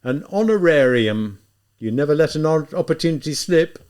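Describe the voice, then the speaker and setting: A man's voice: fairly high pitch, expressive, moderate pace, a little mellow, smooth, voice pushed up, lightly acted. A man reading aloud, voicing a feverish, mocking young man who taunts and teases in an audiobook. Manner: teasing, taunting, sly. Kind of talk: audiobook character voice.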